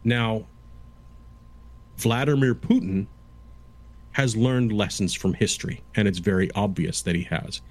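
A man in his fifties with a lowish voice, explaining history in casual conversation. He lectures in a halting way, restarting phrases and circling back. The delivery stays conversational and unscripted. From Canada. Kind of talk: casual chat.

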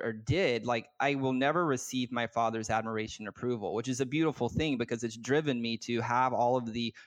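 A man speaking as a guest business coach, telling a personal story earnestly and from the heart, with many filler words and restarts. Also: mid-range voice. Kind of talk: candid personal storytelling in conversation.

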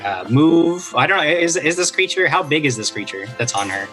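A man's voice: on the high side, expressive, a little fast, bright, forceful tone, faint music behind. A man playing a tabletop game, explaining rules and narrating his character's actions casually. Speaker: player.

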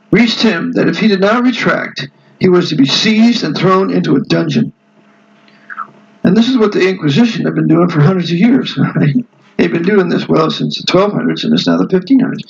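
Hosting a book club, a man reads aloud from a history book and keeps breaking away into forceful, rambling remarks to the group. His high, creaky voice is very animated and fairly quick, and the recording's highs are cut off.

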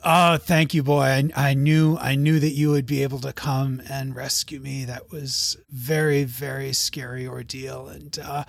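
Man voicing a friendly old scientist, rambling and halting, mid-pitched. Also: flat delivery, vocal fry, dry recording. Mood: grateful.

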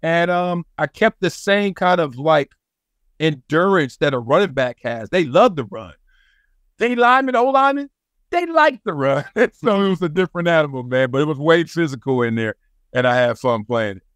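A high-pitched man with a Southern California accent tells stories in a relaxed, animated way, laughing often and slipping into the voices of the people he quotes. He is a former football player looking back on his career. The sound is close and dry, with no room in it. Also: normal speed, smooth, dry recording. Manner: animated, laughing storyteller who acts out quotes. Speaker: podcast guest, former NFL player and sports broadcaster. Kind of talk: casual storytelling interview.

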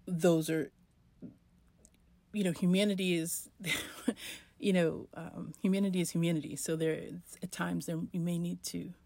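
A woman hosts a solo podcast, thinking aloud in a slow, searching way and often pausing to restart her sentences. Her voice sits low with a gravelly edge. The recording is dry and close to the mic. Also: level tone, dark tone, no echo. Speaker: podcast host. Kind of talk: reflective solo podcast monologue.

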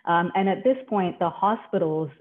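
A woman's voice: on the low side, normal speed. A woman from Canada, a leadership coach, telling her story as a podcast guest in a composed, articulate way. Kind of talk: podcast interview. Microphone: remote call. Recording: tinny phone-like line.

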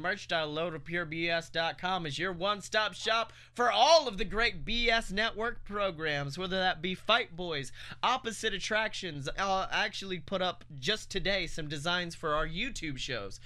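A man's voice: sits high, pushed and bright. A man co-hosting a podcast, rambling through a merch plug and stories with laughs and self-mocking asides. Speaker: podcast co-host. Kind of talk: casual podcast banter.

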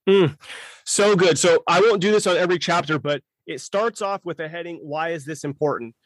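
A man hosting a podcast, with a somewhat high voice for a man. He sounds upbeat and is quick to affirm his guest. His voice is dry and close, with no room sound. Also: no room sound. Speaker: podcast host. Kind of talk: casual interview talk.

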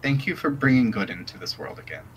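A man voicing a gentle, tearful woman who speaks softly and haltingly. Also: mid-range voice, big pitch swings, slight background noise, close to an everyday voice, rough recording. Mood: grateful. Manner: soft-spoken, halting. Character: gentle, tearful woman leader, soft and grateful.

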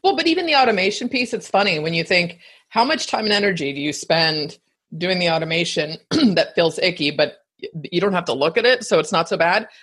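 A woman hosting a casual live-stream chat, talking in a quick, chatty way and laughing often. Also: on the low side, lively intonation, a bit bright, slightly rough. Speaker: podcast host.

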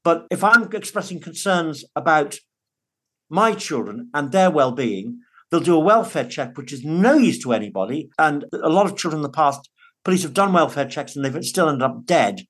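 Speaking at normal speed with a slightly high, animated voice, a bit bright and with a breathy edge, this man from the United Kingdom is a father and podcast guest. His interview answers come across as earnest and emphatic, with frequent restarts.

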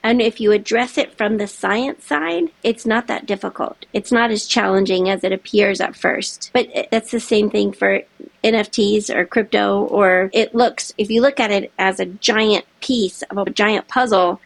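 A middle-aged woman chatting as an interview guest, animated and laughing often. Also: mid-range voice, normal speed, creaky, dry recording. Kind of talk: casual chat.

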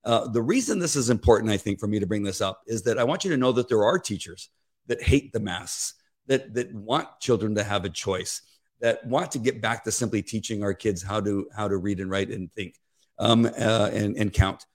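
A man's voice: fairly low pitch, normal speed. A man hosting a commentary show, talking in an earnest, rambling way. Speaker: host. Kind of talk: casual spoken commentary.

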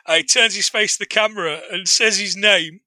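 A man co-hosting a casual film review chat, animated and jokey, laughing often. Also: sits high, a little fast, no echo, low-quality recording. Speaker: podcast co-host.

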